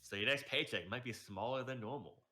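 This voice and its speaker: A man's voice: medium pitch, a little fast, sharp tone. A man playing a tabletop game who talks bluntly and casually. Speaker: player.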